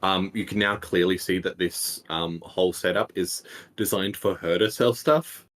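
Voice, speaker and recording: Very low male voice, game master narration, laid-back, lots of ums. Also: normal speed. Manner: relaxed narration with many fillers and soft laughs.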